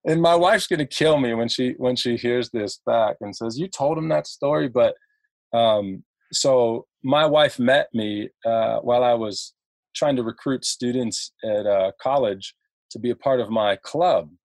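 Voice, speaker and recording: A man's voice: mid-range voice, measured pace, dry recording. A man from Ohio, a podcast guest telling stories in a chatty way, laughing often and restarting his sentences. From Ohio, United States. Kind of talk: casual storytelling.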